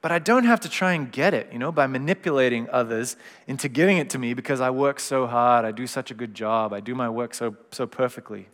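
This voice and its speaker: A middle-aged man preaching a gentle, reflective sermon in a conversational way. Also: medium pitch, brisk, few pauses. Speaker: pastor. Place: church hall. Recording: long hall reverb.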